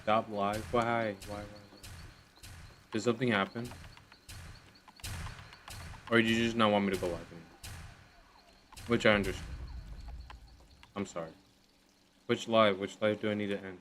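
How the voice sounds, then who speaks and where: A man's voice: on the low side, fairly even intonation, normal speed, pauses often, fairly bright tone, a little hiss or hum. A young man chatting casually on a livestream, thanking viewers again and again and running himself down, easily flustered.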